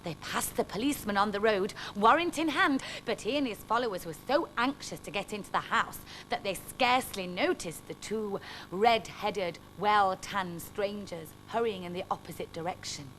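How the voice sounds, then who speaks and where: A woman, reading a children's story aloud in a bright, expressive way. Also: medium pitch, normal speed, a little hiss or hum, rough recording.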